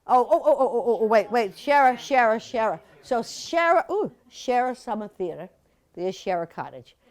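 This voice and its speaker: A woman's voice: on the high side, animated, moderate pace, a little mellow. A woman in her seventies giving a chatty, playful slide-show talk to a museum audience, full of asides and laughter. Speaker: guest speaker at a museum talk.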